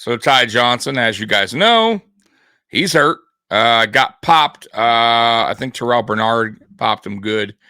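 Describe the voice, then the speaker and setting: A man hosting a sports video, talking casually over highlight clips in a rambling way with lots of fillers. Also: bright, forceful tone, no echo, clean studio sound. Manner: rambling, many fillers and restarts.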